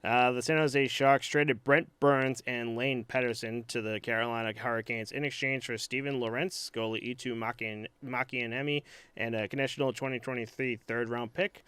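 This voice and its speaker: A man's voice: medium pitch, steady tone, normal speed, a bit bright, clean tone, no echo. A man co-hosting a podcast in casual sports chat, rambling and hesitant with frequent fillers and restarts. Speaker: podcast co-host.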